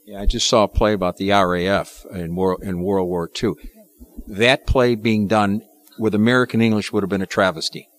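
A man interviewing a guest, asking questions in a halting way with restarts. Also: lowish voice, fairly even intonation. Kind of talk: conversational interview.

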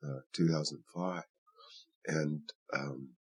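A man, an actor, talking through his work in a relaxed interview, thoughtful and rambling with many fillers. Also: very deep voice, takes it slowly, breathy edge. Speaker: actor in the play. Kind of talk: conversational interview.

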